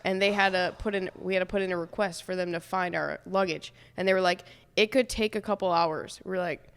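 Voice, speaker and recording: A woman's voice: fairly low pitch, fairly even intonation, smooth. Young woman guest, chatty story, laughs a bunch, long reverb room. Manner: chatty, quick retelling with laughter. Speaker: guest, pro beach volleyball player. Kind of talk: casual storytelling chat.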